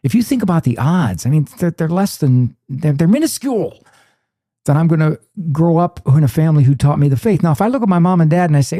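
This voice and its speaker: Older man, mellow animated storyteller. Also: a little high, fast, no echo, clean studio sound. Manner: animated storyteller who acts out quoted voices. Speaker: guest psychologist. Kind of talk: conversational interview.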